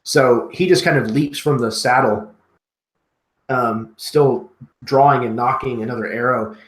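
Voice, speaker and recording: A man playing in a tabletop role-playing game, describing his character's actions in a measured way. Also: medium pitch, echoey room, poor audio. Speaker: player.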